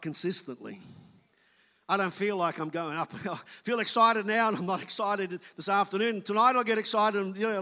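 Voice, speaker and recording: A man's voice: sits high, bright, forceful tone, big-room sound. A man preaching a sermon as pastor, talking to the congregation in a loose, conversational way and acting out quoted voices.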